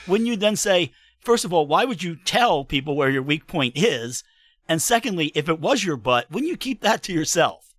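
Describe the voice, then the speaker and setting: A man on a comedy podcast, asking joking rapid-fire questions in casual chat. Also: a little high, sing-song, fairly bright tone. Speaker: podcast guest.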